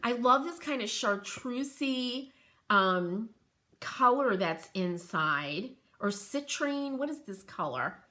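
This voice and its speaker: A middle-aged woman with a New England accent hosting a livestream show and tell, gushing and excitable and laughing often as she reads viewer comments. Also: a little high, takes it slowly. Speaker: host of a furniture painting livestream.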